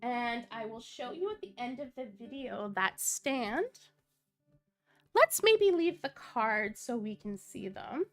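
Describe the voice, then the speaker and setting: A woman hosting a casual livestream, sick with a cold, with a low sultry tone, gushing and reading viewer comments aloud. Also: big pitch swings, takes it slowly, faint music behind. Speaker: livestream host.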